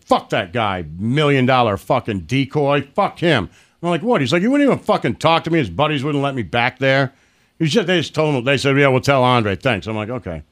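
A man's voice: mid-range voice, a bit bright. A middle-aged man hosting a casual podcast, telling profane stories and acting out the quotes. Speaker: podcast host. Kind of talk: casual storytelling chat.

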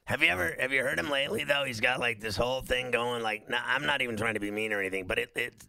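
A man's voice: medium pitch, fast talker, creaky. A man hosting a sports radio show, talking casually and at length with lots of fillers. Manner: animated, rambling, lots of fillers.

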